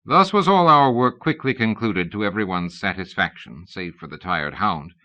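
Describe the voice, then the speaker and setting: Lively low-voiced male audiobook narrator. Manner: measured, wry storytelling. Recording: dull lo-fi cassette recording.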